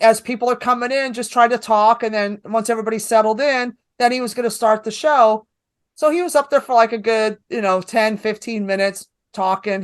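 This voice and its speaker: A woman comedian with a New York accent telling a story in a casual interview, blunt and profane, voicing her own lines with energy. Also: mid-range voice. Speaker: stand-up comedian guest.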